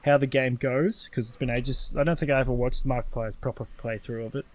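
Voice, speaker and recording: A man's voice: mid-range voice, fairly even intonation, brisk. A young Australian man co-hosting a casual podcast, rambling and teasing with frequent restarts. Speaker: podcast co-host. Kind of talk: casual chat.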